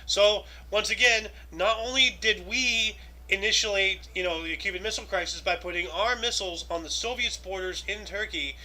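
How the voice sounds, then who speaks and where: A man's voice: high voice, normal speed, sharp tone, poor audio. A man co-hosting a casual chat, reading out history events and rambling loosely with lots of filler phrases. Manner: rambling, loose, many "you know"s. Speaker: co-host.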